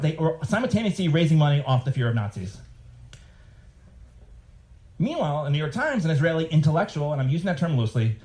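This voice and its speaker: Man, slightly high voice, sardonic live reader, jokes to an audience. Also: dark tone. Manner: sardonic, mimics email writers in raised voices. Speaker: author giving a live reading. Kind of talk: live reading with commentary.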